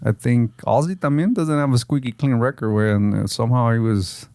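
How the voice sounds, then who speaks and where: A man's voice: medium pitch, fairly quick, warm tone, dry recording. A man with a Chicano accent co-hosting a podcast, chatting casually, swearing and calling people "güey.". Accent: Chicano English. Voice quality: swears, says "güey" a lot, mixes in Spanish. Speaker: podcast co-host. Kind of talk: casual chat.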